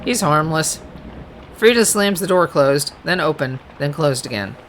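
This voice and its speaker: Lively gamer reading a card game aloud. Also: mid-range voice, moderate pace, noisy background. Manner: reads narration, trails off into hesitant asides and self-corrections. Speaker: let's play gamer. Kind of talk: reading game text aloud with casual asides. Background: game music.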